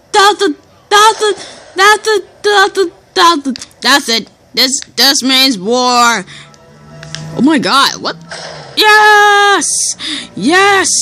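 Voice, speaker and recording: A woman giving casual let's-play commentary over a game, excitable and shouting and cheering as she plays. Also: very high voice. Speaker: gameplay commentator. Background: game music.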